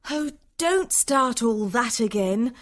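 A man's voice: very high voice, expressive, takes it slowly, voice pushed up, full character voice. A man voicing a kind young woman of about twenty-two who keeps the peace, in an audiobook story.

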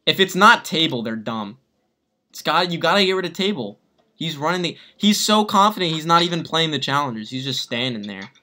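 A man's voice: fairly high pitch, big pitch swings, fairly quick, pushed and bright. A young man chatting casually with a friend while watching a game, teasing and laughing a lot. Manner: teasing, laughing, repeats jokes. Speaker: channel host watching a game show. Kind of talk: casual gaming chat with a friend.

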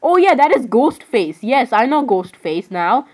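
A woman's voice: fairly high pitch, sing-song, unhurried, darkish tone, low-quality recording. Rambling, giggly young-sounding woman. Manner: rambling, keeps apologizing, giggly, says "literally" often. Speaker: vlogger. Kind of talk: casual screen-browsing commentary.

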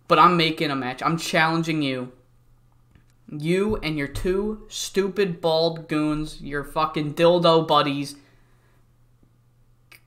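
A man's voice: fairly high pitch, sharp tone. A man voicing a furious veteran male wrestler who stumbles over words and curses. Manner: angry, stumbling, cursing.

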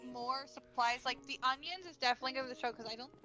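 A woman chatting casually while playing a video game, easygoing and quick to laugh. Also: high voice, steady tone, pushed and bright. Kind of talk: casual gameplay chat.

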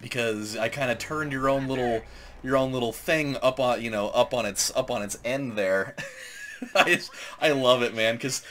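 A man's voice: medium pitch, normal speed, a bit bright, slight background noise. A man hosting a let's play, telling rambling stories over gameplay and laughing often. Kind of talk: casual gameplay commentary.

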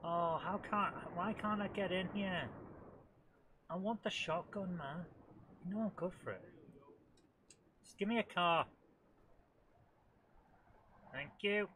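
Excitable woman with a head cold. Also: on the low side, measured pace, pauses often, a little hiss or hum. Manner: excitable, chatty, talks to the game and laughs a lot. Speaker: host of a retro gaming channel. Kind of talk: live let's-play commentary.

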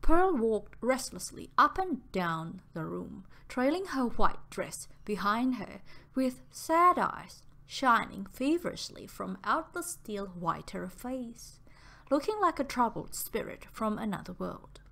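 Woman audiobook narrator, unhurried and melodic. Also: a little high, very animated, vocal fry, sharp tone.

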